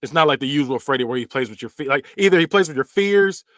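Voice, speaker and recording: A man's voice: a little high, lively intonation, fast, fairly bright tone, no echo, studio quality. A man hosting a podcast, casually recapping and ranking film scenes in loose, slangy storytelling. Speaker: podcast host.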